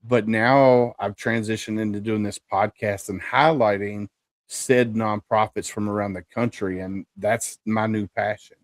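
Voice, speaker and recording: A man's voice: lowish voice, fairly even intonation, unhurried, no room sound, clean studio sound. Enthusiastic middle-aged male podcast host. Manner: upbeat, enthusiastic. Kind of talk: casual interview chat.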